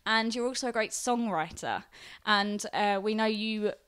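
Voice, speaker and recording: A woman's voice: medium pitch, measured pace, fairly bright tone, clean tone. A woman interviewing a musician at a venue, asking questions in a friendly, upbeat, complimentary way.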